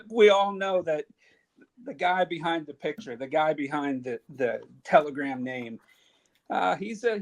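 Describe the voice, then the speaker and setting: A man with an ordinary mid-range voice chats on a casual online panel. He is easygoing and slangy, and he laughs easily. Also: medium pitch. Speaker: co-host.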